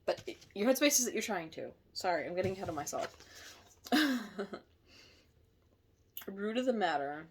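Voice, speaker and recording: A woman talks through a casual tarot reading, her voice swinging widely in pitch as she goes. She is chatty and quick to laugh, often breaking off to apologize or correct herself. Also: animated, darkish tone, a little hiss or hum. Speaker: tarot reader.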